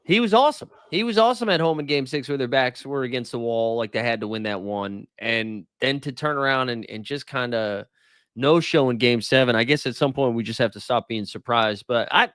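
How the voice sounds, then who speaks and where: A man co-hosting a podcast, chatting casually about basketball, animated and joking, often laughing. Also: mid-range voice, fairly quick, clean tone, dry recording, clean studio sound. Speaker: podcast co-host. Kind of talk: casual sports chat.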